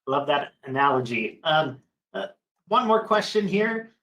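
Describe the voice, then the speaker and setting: A man moderates a webinar Q&A, passing on audience questions with upbeat energy and a few hesitant um's. His voice is bright and a touch higher than most. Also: very animated, a little slow, rough recording.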